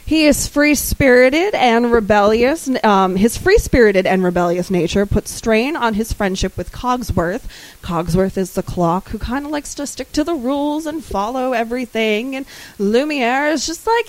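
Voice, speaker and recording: A higher-pitched woman chatting casually as a podcast co-host, meandering through her thoughts and stopping often to find the right word. Her voice sounds close and dry, with no room around it. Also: animated, normal speed, no room sound, poor audio. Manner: rambling, searching for words, laughs easily. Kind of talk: casual chat.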